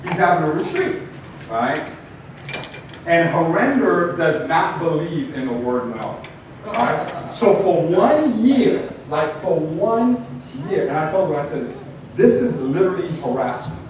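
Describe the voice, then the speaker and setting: A man's voice: a little high, slow pace. Man speaking in an echoey hall. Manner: storytelling, animated, many asides like "right?". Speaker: motivational speaker. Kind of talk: live talk to an audience. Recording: echoey hall from far off, noisy.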